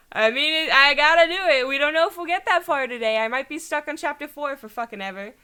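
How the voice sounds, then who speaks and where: Young woman streamer, chatty, giggly, bright high voice, desk mic. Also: normal speed. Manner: chatty, laughs often. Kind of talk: casual let's play commentary.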